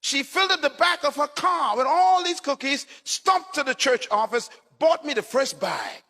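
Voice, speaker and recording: A male pastor preaches in short, punchy phrases and slips into storytelling. His voice sits high and bright, with a lively, swinging pitch. Long reverb from the church hall trails each line. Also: moderate pace. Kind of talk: sermon.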